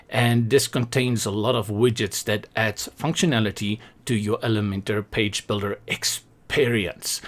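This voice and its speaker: A man hosting a web design tutorial, talking casually over a screen recording with joking asides and a self-deprecating manner. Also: mid-range voice.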